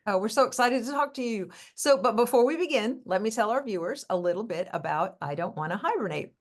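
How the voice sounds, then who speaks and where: A woman hosting an interview with a children's author. She reads her introduction smoothly and in an upbeat way. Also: fairly high pitch, animated, brisk, few pauses. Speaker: podcast host interviewing an author. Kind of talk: friendly interview, scripted introduction.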